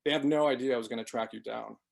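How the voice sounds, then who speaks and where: A man's voice: mid-range voice, fairly even intonation, fast talker, vocal fry. A man reading aloud, voicing a slurring, scheming man who turns panicky when threatened. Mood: wheedling. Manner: wheedling, then pleading.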